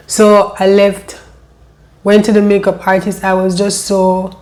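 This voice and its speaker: A woman telling her own life story, emotional and halting, often repeating her phrases. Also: medium pitch, monotone, a little mellow. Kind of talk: personal storytelling.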